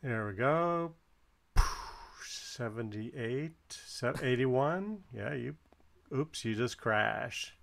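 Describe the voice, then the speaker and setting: A man's voice: medium pitch, expressive, extremely slow, vocal fry, fairly bright tone. A man giving casual, encouraging play-by-play while someone else flies in a video game, counting the balloon score aloud. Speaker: co-commentator watching a flight game.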